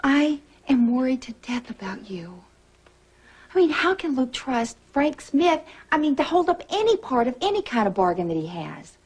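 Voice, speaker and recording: An actress playing a worried, loving best friend with a Southern accent, talking earnestly in a soap opera. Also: female voice, high voice, big pitch swings, moderate pace, a little mellow, breathy edge, full character voice. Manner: earnest and pleading, folksy turns of phrase.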